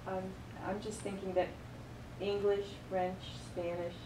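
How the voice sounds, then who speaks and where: A woman's voice: mid-range voice, little pitch movement, a little slow. A woman student in a Bible class, thinking aloud and questioning the teacher. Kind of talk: classroom discussion. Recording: echoey classroom from far off, noisy.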